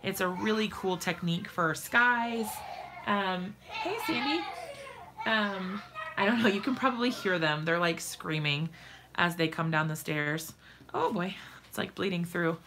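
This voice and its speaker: Chatty woman with a gravelly edge. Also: fairly low pitch, unhurried, background noise. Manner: chatty, laughs often, talks straight to viewers. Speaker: crafting livestream host. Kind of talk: casual crafting demo chat. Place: home craft desk.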